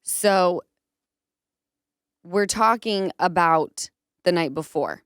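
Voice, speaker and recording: A woman in her thirties hosts a casual podcast, telling a story and putting on other people's voices as she goes. Her voice is smooth and clear, at a middle pitch, and it sits close in a dry room. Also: extremely slow, no echo. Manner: animated storytelling, acts out quotes. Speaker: podcast host.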